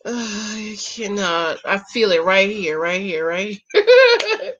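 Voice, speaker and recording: A woman's voice: medium pitch, big pitch swings, takes it slowly, a bit bright, highs cut off. A middle-aged woman giving sassy, exclamatory commentary while reacting to a reality show and talking straight to her viewers. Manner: sassy, exclamatory, talks to viewers as "child" and "ladies". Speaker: reaction video host.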